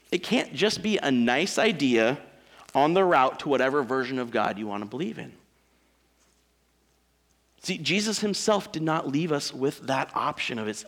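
A male pastor with a fairly high-pitched voice preaches a sermon emphatically, using dramatic pauses and big swings between loud and soft.

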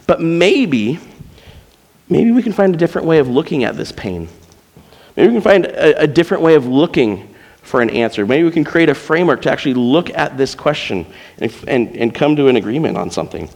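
A man's voice: sits high, creaky, in a large hall. A man preaching a sermon as pastor, conversational and often building to emphatic, pleading passages, in a church auditorium.

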